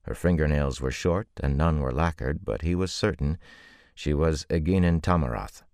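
Very deep-voiced male audiobook narrator. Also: darkish tone, no room sound, clean studio sound. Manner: measured, deep-voiced reading with voiced characters. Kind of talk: scripted narration.

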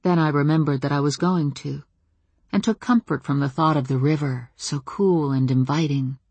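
A woman narrating a first-person novel in a measured, dramatic reading on a close studio mic. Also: deep voice, darkish tone, husky, no room sound. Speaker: audiobook narrator.

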